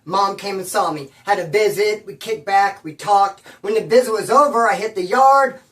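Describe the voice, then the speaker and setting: A man's voice: high-pitched, moderate pace, fairly bright tone, distant mic. A man from California casually telling a prison story in rambling, slang-heavy talk. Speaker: former inmate telling prison stories.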